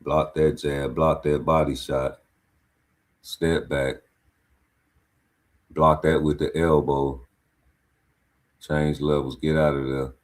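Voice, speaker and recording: A man with a deep, low voice breaks down a boxing fight in casual commentary. He talks in blunt, profane street slang and calls back at the fighters as the clip plays. His delivery is animated throughout. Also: slow pace, long pauses.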